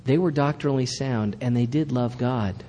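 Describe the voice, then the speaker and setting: A male pastor delivers a sermon in a church, pressing his points with earnest, emphatic repetition. His voice is mellow and warm, and a faint rumble sits underneath it. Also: moderate pace, in a large hall.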